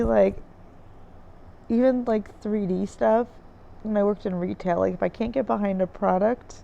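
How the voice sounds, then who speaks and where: Woman vlogger, warm gravelly tone, rambling and filler-heavy, slightly muffled home recording. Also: mid-range voice. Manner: rambling, searching for words, many fillers. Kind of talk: casual diary-style recap. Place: dim room indoors by a window with trees outside.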